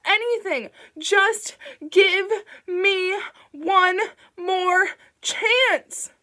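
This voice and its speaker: A woman doing a shrill, desperate begging man. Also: very slow, sharp tone, heavily acted. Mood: desperate pleading. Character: desperate pleading grown man, childlike.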